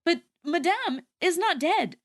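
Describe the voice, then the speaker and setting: A woman's voice: extremely high pitch, lively intonation, measured pace. A young woman co-hosting a casual podcast chat, laughing often and filling her talk with "like.". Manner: giggly, says "like" often. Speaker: podcast co-host.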